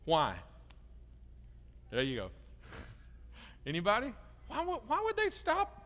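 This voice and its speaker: A middle-aged pastor gives a children's sermon, coaxing the kids with lively questions. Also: male voice, extremely high pitch, slow pace. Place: church sanctuary. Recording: long reverb of a large church hall.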